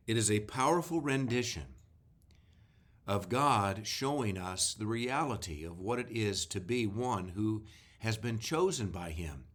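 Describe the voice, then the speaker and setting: A man, a pastor giving a devotional talk and reading scripture slowly and deliberately, stressing key words. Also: fairly low pitch, fairly bright tone. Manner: slow, deliberate reading with emphasis.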